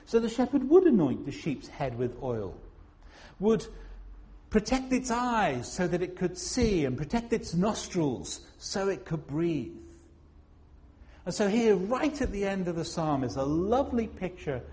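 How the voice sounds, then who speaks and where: A man preaching a sermon in a slow, emphatic way, pausing for weight on single words. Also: high-pitched, sing-song, a little mellow. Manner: slow, emphatic, with dramatic pauses.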